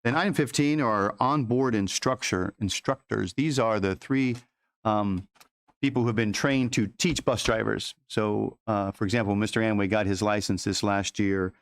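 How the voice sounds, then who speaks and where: Presenting school board agenda items, a lowish-voiced man talks in a loose, halting way. He keeps restarting and leans on lots of fillers.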